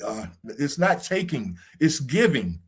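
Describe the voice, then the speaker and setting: A man's voice: mid-range voice, sing-song, slow. A man hosting a podcast discussion, talking in a preachy, casual way and swearing now and then. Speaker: podcast host.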